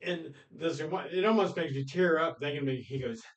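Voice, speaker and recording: A man co-hosting a casual film discussion podcast, retelling movie scenes with animated energy, acting out quoted lines and laughing often. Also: on the high side, moderate pace, rough recording. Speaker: podcast co-host.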